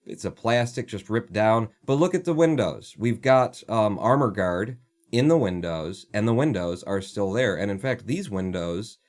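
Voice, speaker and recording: Man, livestream host, casual chat, sarcastic rant, swearing, somewhat low voice. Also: animated, moderate pace, a little mellow. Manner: ranting, sarcastic, swears freely.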